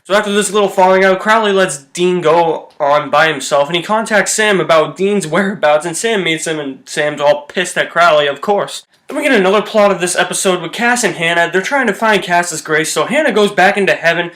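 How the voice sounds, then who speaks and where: A man recaps and reviews a TV episode in an informal, chatty manner and swears casually. His voice is bright and forward, pitched a bit above the usual male range, and it has a tense edge. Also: brisk, hardly any pauses.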